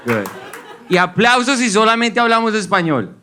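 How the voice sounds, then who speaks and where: A man's voice: high voice, very animated, brisk, a loud crowd. A man in his thirties from Colombia with a Colombian accent, playfully mixing languages during a stand-up comedy set on a club stage. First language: Spanish. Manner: playful, switches languages mid-sentence. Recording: live show with audience noise.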